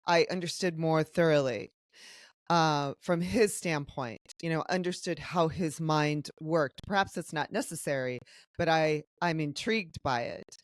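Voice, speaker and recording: A woman's voice: fairly low pitch, no echo, clean studio sound. A woman hosting a podcast, interviewing her guest in a friendly, encouraging way with lots of affirmations. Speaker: podcast host. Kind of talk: casual interview chat.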